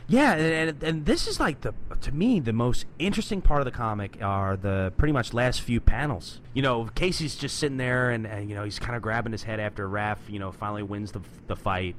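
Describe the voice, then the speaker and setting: A man's voice: medium pitch, animated, fairly quick, hardly any pauses, a little hiss or hum. A man co-hosting a podcast, chatting enthusiastically about a comic book and laughing often. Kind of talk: casual chat about comics.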